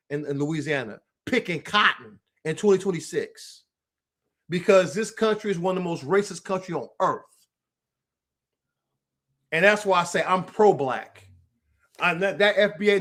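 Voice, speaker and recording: A man's voice: high-pitched, fairly bright tone. An American man hosting a political livestream, delivering a heated, profane rant and calling out an absent rival by name. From United States. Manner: addresses an absent rival directly. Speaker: political commentary host.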